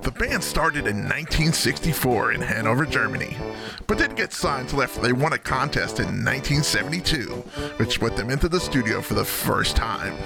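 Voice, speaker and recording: A man's voice: medium pitch, very animated, a little fast, gravelly. A man reading a scripted podcast intro in an upbeat, emphatic announcer style. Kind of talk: scripted show intro narration. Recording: music playing behind the voice.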